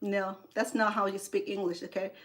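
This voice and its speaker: A woman's voice: medium pitch, flat delivery, moderate pace, fairly bright tone. A woman from Cambodia, an English learner, hosting a cooking livestream and angrily scolding a rude viewer with heated sarcasm. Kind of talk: angry livestream rant at a viewer.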